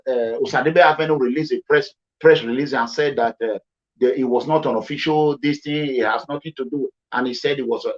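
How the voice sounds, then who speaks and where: A man from Edo State with a Nigerian accent, giving emphatic commentary and repeating himself for stress. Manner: repetitive, emphatic, swings between low and high pitch. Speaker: commentary vlogger. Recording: dull lo-fi sound.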